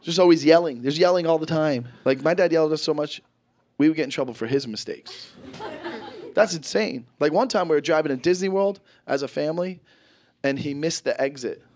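A man in his thirties doing a stand-up comedy set, telling stories with animated, loud acted-out quotes. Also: on the high side, fairly quick. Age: 30s. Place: comedy stage before a live audience. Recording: live show with crowd laughter.

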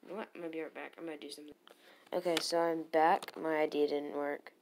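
A woman casually commentating her own game battles, muttering to herself and bursting into loud cheers. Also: sits low, little pitch movement, fast talker, background noise.

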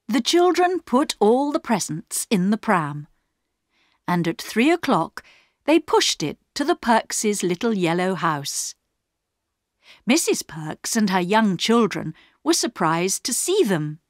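A woman narrating a storybook clearly and slowly for English learners. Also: medium pitch, no echo, clean studio sound. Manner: clear, slow, lively.

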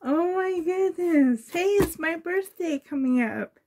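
A woman's voice: very high-pitched, lively intonation, slow, noisy background. A woman vlogger chatting casually while unboxing, her voice shaky and emotional as she gushes with tearful gratitude. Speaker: doll-collecting vlogger.

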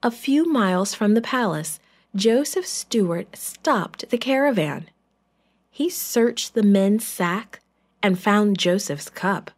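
A woman narrating a children's Bible story in a gentle, clear, deliberate way. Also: medium pitch, lively intonation.

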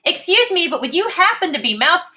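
Lady doing a squeaky-high little boy kitten, super polite, keen to be brave, big swoops in the voice. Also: very animated, a little fast, bright, forceful tone, heavily acted. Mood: politely eager. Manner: eager and very polite.

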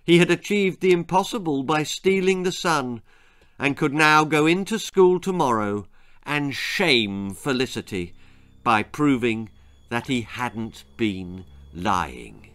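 A man's voice: medium pitch, lively intonation, slow pace, fairly bright tone. A man reading his own children's story aloud in a relishing, theatrical manner.

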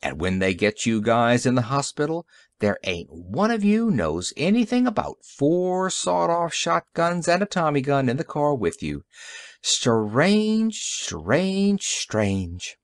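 A man voicing a bitter, gruff police detective in an audiobook story, growling and sarcastic. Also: on the high side, sing-song, moderate pace, dry recording, studio quality, voice pushed up.

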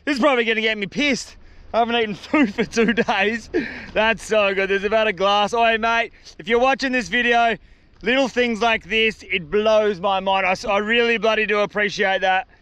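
A young Australian man with a fairly high, smooth voice talks to his camera outdoors. He is excitable and slangy, chatting straight to viewers about his day. The sound is a clear handheld camera recording. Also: normal speed, no room sound. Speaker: survival vlogger. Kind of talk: casual outdoor vlog. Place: outdoors on a beach in the bush.

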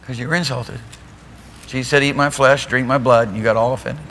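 A man preaching a lively evening sermon as pastor, laughing and acting out the people in his story. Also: mid-range voice, fairly quick. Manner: animated preaching, laughing, mimicking voices. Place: church sanctuary. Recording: long hall reverb.

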